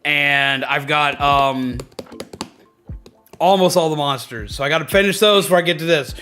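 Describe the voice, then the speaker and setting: A man hosting a casual livestream, chatty and excitable, greeting viewers and repeating himself. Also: a little high, normal speed. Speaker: livestream host. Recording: faint background music.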